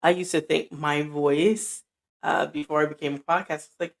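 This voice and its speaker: A middle-aged woman with a deep, soothing, grounded voice, giving a casual motivational talk and acting out both sides of conversations. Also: fairly even intonation, moderate pace, creaky. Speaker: podcaster. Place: indoor room at night.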